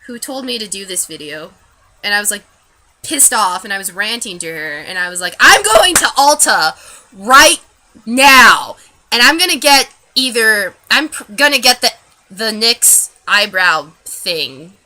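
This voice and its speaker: A young woman ranting in a vlog, telling a story with lots of cursing and "like" fillers, shifting from low mumbles to loud outbursts. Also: normal speed. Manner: animated, profane, lots of "like" fillers. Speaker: vlogger.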